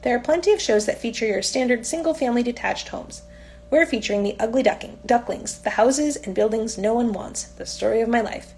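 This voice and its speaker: A woman's voice: a little high, fairly quick, a little mellow, a little hiss or hum. A woman reading aloud from her own novel in a casual, unpolished audiobook style, now and then stumbling and correcting herself.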